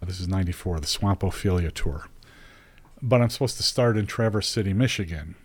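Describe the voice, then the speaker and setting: Middle-aged man, lowish voice, casual rambling storyteller who laughs easily. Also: fairly quick, husky, poor audio. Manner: chatty, rambling, laughs as he talks. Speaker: guest telling a story.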